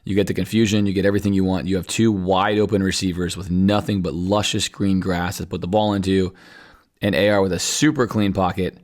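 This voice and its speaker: A man's voice: low-pitched, little pitch movement, fairly quick, darkish tone. A man hosting a podcast, talking viewers through football game film in a conversational, analytical way. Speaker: podcast host.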